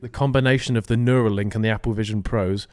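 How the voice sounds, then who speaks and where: A man's voice: fairly low pitch, steady tone, fast, clear, resonant tone. A young man co-hosting a podcast, chatting playfully and teasing his friend. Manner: playful, teasing, jumps into quoted voices. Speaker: podcast co-host. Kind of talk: casual chat.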